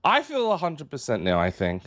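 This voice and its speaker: A man's voice: fairly high pitch, normal speed. A man streaming live, chatting casually with his viewers and greeting chat members one by one. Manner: animated, jumps up into excited yelps.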